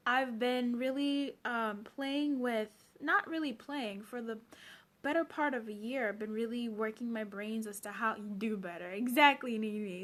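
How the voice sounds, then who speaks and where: A woman's voice: on the high side, fairly bright tone. A woman from Zambia, a personal development coach, chatting on a late-night live stream, greeting viewers by name.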